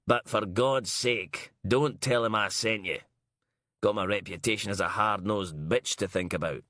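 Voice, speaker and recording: A man's voice: lowish voice, a little slow, pushed and bright, no echo, clean studio sound. A male narrator voicing a foul-mouthed, brash female detective inspector, sarcastic and ranting. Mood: gruff.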